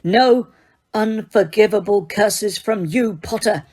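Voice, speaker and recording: A woman reading aloud puts on a cold, sneering wizard from a storybook. He speaks with open contempt, his voice pushed a little higher and louder than plain narration. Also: slow.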